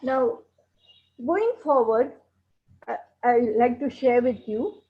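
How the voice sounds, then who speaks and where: A woman teaching a puppetry workshop, explaining how to make puppets in a gentle, explanatory way. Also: on the high side, animated, takes it slowly. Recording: dull lo-fi sound.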